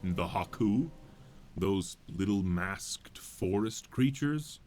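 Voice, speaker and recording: A man's voice: low voice, lively intonation, slow pace, darkish tone, a little hiss or hum, pitched below the performer's own voice. A man putting on the voice of a dutiful male fantasy hero, reading game dialogue in a mock-noble way. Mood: gallant.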